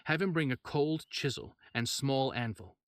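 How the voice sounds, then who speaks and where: A man's voice: medium pitch, moderate pace, a bit bright, dry recording, clean studio sound, pitched above the performer's own voice, close to an everyday voice. A man voicing a clinical, curious male scientist who speaks in a precise, erudite way. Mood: measured.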